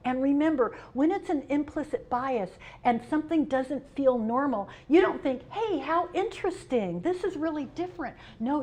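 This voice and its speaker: A middle-aged woman, a union president, giving a conference speech. She tells humorous personal stories with shifts between loud and soft. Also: high-pitched. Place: conference hall.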